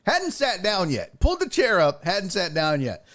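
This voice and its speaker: A man's voice: high-pitched, wildly swooping pitch, moderate pace, a bit bright. A man hosting a sports talk show, telling a story in a casual, profane way and laughing often.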